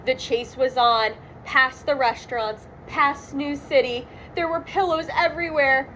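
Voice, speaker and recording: A woman reading a children's storybook aloud, expressive and dramatic on the sound words. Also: sits high, measured pace, slight background noise, low-quality recording. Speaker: storybook reader. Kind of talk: children's read-aloud narration.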